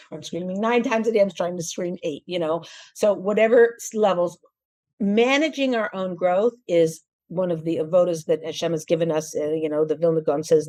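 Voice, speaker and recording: Chatty woman giving marriage advice. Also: on the low side. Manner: animated, laughs often, acts out quoted voices; frequent restarts and fillers. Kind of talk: casual advice chat.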